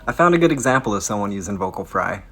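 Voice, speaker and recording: A man speaking with vocal fry in a blunt, casual educational explainer, swearing now and then. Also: fairly low pitch, lively intonation, fast, noisy background. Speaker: science video creator.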